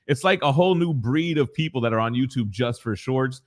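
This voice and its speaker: A man's voice: mid-range voice, expressive, a little fast. A man in his forties co-hosting a casual live show from his home basement, talking in slang and swearing freely as he reads chat messages. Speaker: co-host of a collectibles morning show.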